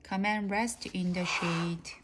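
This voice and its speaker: Lady reading as a kind old wood carver guy, gentle and reassuring, slow. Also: fairly low pitch, fairly even intonation, noisy background. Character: kind older man, famous wood carver.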